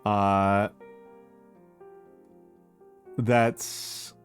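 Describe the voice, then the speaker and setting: A man's voice: lowish voice, flat delivery, drawn-out words, smooth, soft background music. A man streaming live who chats casually, reads out viewer messages, greets each viewer by name and repeats short phrases over and over. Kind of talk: casual chat with a live audience.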